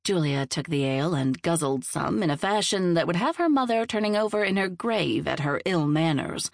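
Low-voiced woman narrating a novel. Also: animated, normal speed, vocal fry, hardly any pauses, dry recording, studio quality. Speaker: audiobook narrator.

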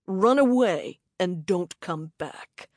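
A woman voicing a calm, menacing man who threatens in a slow, low growl in a storybook reading. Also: no room sound, studio quality. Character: menacing adult male attacker, calm and cold.

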